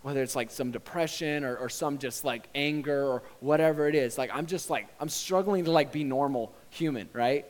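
A male pastor preaching a sermon in a conversational, earnest way that often swells into impassioned shouting. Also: mid-range voice, moderate pace, few pauses, big-room sound.

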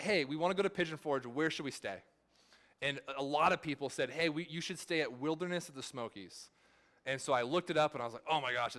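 A man in his thirties preaching a sermon, telling a family story in a relaxed, conversational way with many filler words. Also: mid-range voice. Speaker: pastor.

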